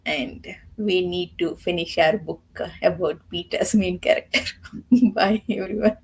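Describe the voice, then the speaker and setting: Streamer, female, husky with some fry, unhurried, tired and soft-spoken. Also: on the low side, low-quality recording. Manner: soft, often half-whispered and tired. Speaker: streamer hosting a reading sprint. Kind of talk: casual live-stream chat.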